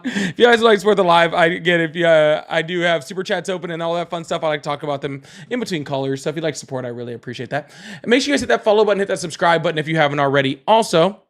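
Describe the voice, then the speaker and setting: A man's voice: a little high, lively intonation, fairly bright tone. Chatty, laughing male livestream host. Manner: chatty, laughs often, quick to banter. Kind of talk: casual political call-in livestream.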